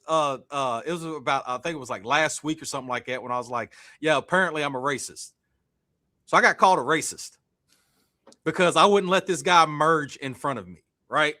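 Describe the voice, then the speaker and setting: A man co-hosting a live stream, telling a story in a casual, animated way and acting out the people he quotes. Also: on the high side. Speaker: stream co-host. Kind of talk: casual debate chat.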